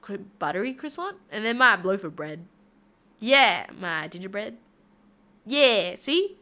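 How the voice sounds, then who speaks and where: A woman's voice: medium pitch, big pitch swings, unhurried, sharp tone. A woman from Australia with an Australian accent, chatting casually on a livestream in a bubbly, rambling, giggly way. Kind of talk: casual stream chat reading viewer comments.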